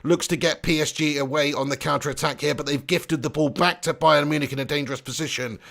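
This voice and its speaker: A young man hosting a live football watch-along, chatty and excitable, reading chat messages and swearing casually. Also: on the high side, quick pace, creaky.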